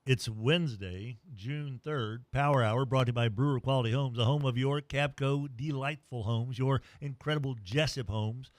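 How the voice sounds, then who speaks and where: Middle-aged man, sports radio host, mid-pitched voice, dry studio mic, energetic ad reads. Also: normal speed, few pauses, no room sound. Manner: energetic, jokey, rattles off sponsor plugs.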